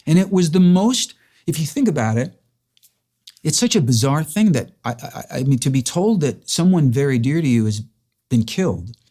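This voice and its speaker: Male host, mellow tone, earnest and emotional storyteller in a relaxed sit-down chat. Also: on the high side, normal speed. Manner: earnest, emotional retelling with restarts. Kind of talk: casual interview storytelling.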